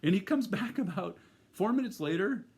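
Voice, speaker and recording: A man's voice: high-pitched, expressive, normal speed, a little mellow. A middle-aged man telling a personal story in a casual, rambling way, full of fillers and restarts.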